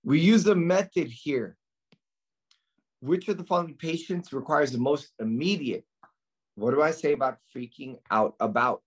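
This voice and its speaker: A man's voice: a little high, moderate pace, slightly rough. A man tutoring nursing students, drilling them in a lecture style with questions he asks and answers himself.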